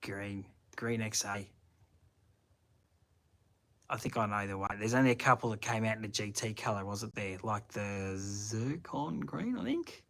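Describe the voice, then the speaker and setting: A man's voice: lowish voice, level tone, moderate pace, pauses often, a bit bright. A man with a broad Australian accent, hosting a casual live chat from his shed and thinking aloud in a rambling, slangy way. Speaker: channel host answering live chat. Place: home shed at night.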